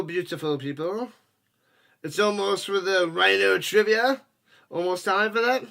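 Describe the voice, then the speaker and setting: A man with a high, forceful voice calls the game live for his stream. He chats casually with viewers between plays and erupts into shouts when something big happens. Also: lively intonation, unhurried, vocal fry, long pauses. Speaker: watch-party streamer and host. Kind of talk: casual live play-by-play commentary.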